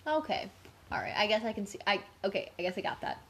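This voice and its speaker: A woman's voice: medium pitch, lively intonation, fast talker, a bit bright. A woman co-hosting a podcast in casual chat, talking in a loose, chatty way full of "like". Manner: chatty, filler-heavy, frequent "like". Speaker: podcast co-host.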